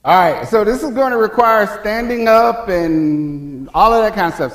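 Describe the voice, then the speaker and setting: A man's voice: sits high, expressive, normal speed, hardly any pauses. A man presenting a conference workshop, chatty and joking, with loose restarts. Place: conference room. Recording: echoey conference room.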